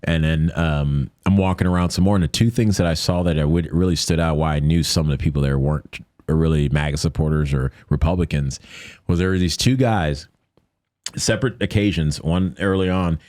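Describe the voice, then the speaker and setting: Low-voiced American man telling a story. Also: a little fast, dry recording, studio quality. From United States. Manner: animated retelling that acts out quoted voices. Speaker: podcast guest. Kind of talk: storytelling in a podcast interview.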